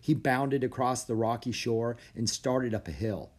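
A man narrating a children's storybook aloud, expressive and animated. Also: medium pitch, measured pace, slightly rough.

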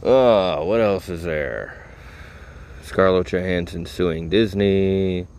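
A man's voice: sits low, slow pace, a little mellow. A tired man rambling casually to his audience, laid-back and full of profanity. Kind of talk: casual rambling talk to camera.

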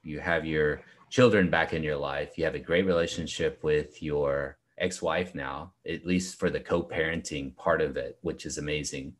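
A man with an extremely deep voice hosts the conversation and asks his guest questions. He talks in an affirming, encouraging way. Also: steady tone, moderate pace, hardly any pauses. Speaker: interviewer. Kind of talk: interview questions.

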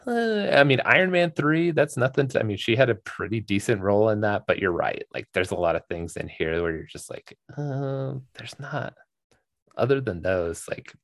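A man's voice: fairly low pitch, expressive, fairly quick, few pauses, fairly bright tone, no room sound, clean studio sound. A man co-hosting a movie podcast in casual chat, rambling with lots of fillers and restarts. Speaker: podcast co-host.

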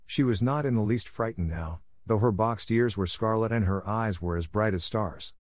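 This audiobook narrator is a man whose lowish voice keeps a measured, even pace through the scripted text, captured in a dry, studio-quality recording.

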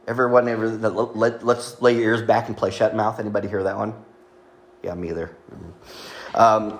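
A man's voice: on the low side, brisk. A man preaching a sermon as pastor, chatty and joking, with asides to the congregation. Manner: joking, conversational, with audience asides.

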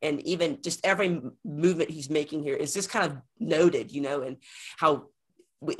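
A man's voice: on the high side, fairly bright tone, breathy edge. A man co-hosting a film podcast, chatting casually and rambling as he repeats words while he thinks. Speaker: podcast co-host. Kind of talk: casual film review chat.

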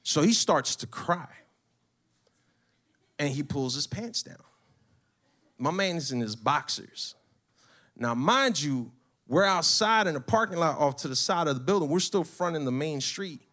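A man telling a story in a brash, profane, animated way. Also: a little high, unhurried, long pauses. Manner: brash, swearing, animated retelling.

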